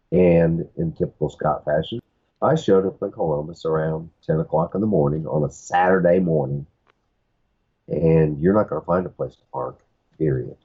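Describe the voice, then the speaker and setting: A man's voice: rumbling low, husky, narrow, tinny audio. A man on a podcast telling a long rambling anecdote, acting out the other people's lines. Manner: rambling anecdotes with quoted dialogue. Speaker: podcast guest. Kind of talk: casual storytelling.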